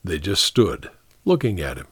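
A man calmly narrating a story as an audiobook reader. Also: low-pitched, moderate pace, slightly rough, dry recording.

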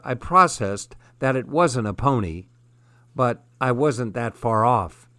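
A man narrating a first-person story in a measured, steady way. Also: mid-range voice, no echo. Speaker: audiobook narrator.

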